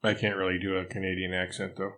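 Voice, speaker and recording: A man's voice: low voice, monotone, quick pace, sharp tone. Older man reading a lesson, dry wit. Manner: dry, wry humor. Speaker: newsletter author reading his programming lesson. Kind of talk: reading a written lesson aloud with spoken asides.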